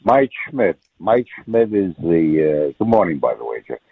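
Over a muffled phone line, a radio caller with a deep, slightly rough voice and vocal fry gives his opinion at a moderate pace. His pitch swings widely, he hesitates often and uses many fillers, and the recording is dry.

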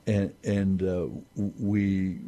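A man explaining scripture on a talk show in a halting, measured way with many restarts. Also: low-pitched, level tone, dark tone. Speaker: Bible teacher on a talk show. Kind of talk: unscripted Bible discussion.

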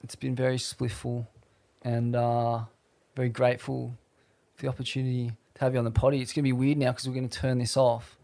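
A man's voice: medium pitch, level tone, fairly quick, vocal fry, few pauses, dark tone. A man hosting a casual podcast chat, laid-back, slangy and rambling, with frequent swearing. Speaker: podcast host.

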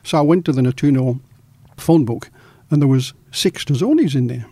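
Middle-aged male journalist storyteller, animated, dry close sound. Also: mid-range voice, moderate pace, no echo. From Australia. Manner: animated storyteller, acts out quoted dialogue. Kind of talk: storytelling in an interview.

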